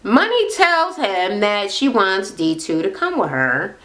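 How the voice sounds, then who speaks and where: A woman's voice: medium pitch, a little slow. A married woman recapping a reality show in casual chat, rambling, swearing freely and acting out quotes as she goes. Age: adult, married. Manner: animated, profane and rambling, often acting out quotes.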